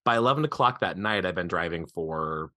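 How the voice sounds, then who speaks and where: A man from Eastern Montana, a podcast guest and author, chatting casually and animatedly, laughing often and talking in quick bursts. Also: deep voice, expressive, pushed and bright, no room sound, clean studio sound.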